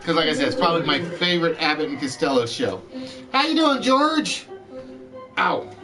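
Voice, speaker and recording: A high-voiced man hosts a chat-based game show, drawing out his announcements with showy flair. He sounds a bit distant from the microphone, and faint music plays underneath. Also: big pitch swings, moderate pace. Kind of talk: live-streamed chat game show hosting.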